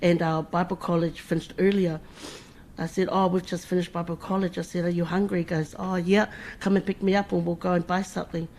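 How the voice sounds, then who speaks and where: A woman's voice: on the low side, little pitch movement, a little fast, a little mellow, slight background noise. Middle-aged woman giving a eulogy for her brother, emotional, chatty, keeps restarting her words. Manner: emotional, informal, repeats words, laughs between tears. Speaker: eulogy speaker, sister of the deceased. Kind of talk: funeral eulogy.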